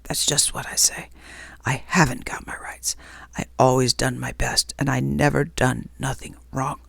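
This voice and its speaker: Brief: a woman playing a resentful big male ghost, whispered role-play, gravelly and grumbling, close dry mic. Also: a bass voice, flat delivery, normal speed, no echo, pitched below the performer's own voice, heavily acted. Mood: aggrieved. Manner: grumbling, self-righteous complaining.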